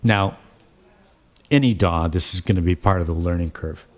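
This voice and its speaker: A man hosting a casual software tutorial, rambling through the steps with frequent fillers and self-corrections, recorded at his home computer setup. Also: sits low, moderate pace. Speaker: tutorial host.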